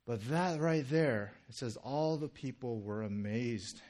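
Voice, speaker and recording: Casual male pastor, mid-pitched and conversational, lots of "like" and restarts in his delivery. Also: a little slow. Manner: conversational, animated, with many fillers and restarts. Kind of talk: sermon.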